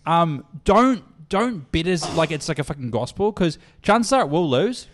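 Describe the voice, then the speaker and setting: A man's voice: fairly high pitch, moderate pace, a little hiss or hum. A young man co-hosting a podcast, telling stories in casual chat with lots of swearing and acted-out phone calls. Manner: animated, swearing storyteller who acts out phone calls. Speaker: podcast co-host.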